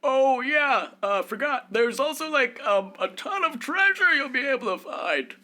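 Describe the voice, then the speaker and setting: Comic old wizard with a ditzy valley-girl drawl, pitched way up and lively; male performer. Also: unhurried, full character voice.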